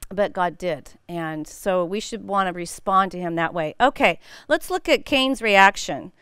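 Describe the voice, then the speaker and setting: Bright-voiced woman teaching a Bible study. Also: fairly high pitch, clean tone, no room sound, clean studio sound. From United States. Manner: animated storytelling with frequent laughs.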